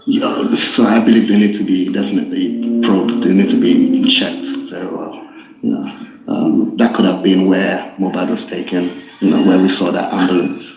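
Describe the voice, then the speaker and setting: A man hosting a casual group discussion, relaxed and filler-heavy, laughing as he mocks. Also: low voice, moderate pace. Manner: relaxed, full of fillers, laughs while mocking. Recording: echoey muffled online call with faint music.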